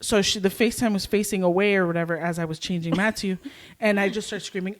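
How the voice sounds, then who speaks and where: A young woman co-hosting a podcast, telling a story in casual chat and acting out panicked shouts. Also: mid-range voice, fast talker. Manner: animated, acts out panicked shouts. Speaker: podcast co-host.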